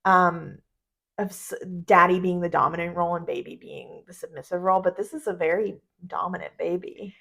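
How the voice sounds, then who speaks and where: A woman's voice: fairly low pitch, fairly even intonation, a little fast, creaky, a bit bright. A woman co-hosting a podcast, recapping a film scene by scene in casual, conversational chat. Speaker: podcast co-host.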